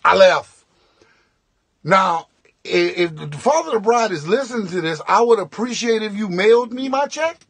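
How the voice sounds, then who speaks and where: A male comedian spins an animated story in a quick vlog, doubling back on his words for effect. His voice sits very high for a man, bright and edgy with a husky, gravelly grain. The sound is close and dry. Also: no echo. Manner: fast, animated storytelling with repetitions. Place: inside a tractor.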